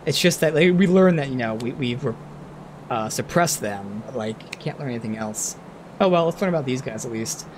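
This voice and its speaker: A man streaming a game, commenting casually and thinking aloud with sudden bursts of excitement. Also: mid-range voice, moderate pace, background noise.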